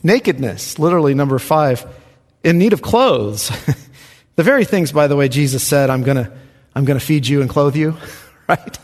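A male pastor delivers a sermon in a fairly high voice. He preaches emphatically, pushing his voice up loud and then sinking to a near hush. The sound rings with the long reverb of a large church hall. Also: lively intonation, moderate pace. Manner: emphatic, swinging from loud rises to hushed drops.

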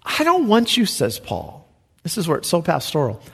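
A man, a pastor, preaching an emphatic expository sermon with soft chuckles. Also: fairly high pitch, huge pitch swings, normal speed, vocal fry, slightly rough. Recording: reverberant hall.

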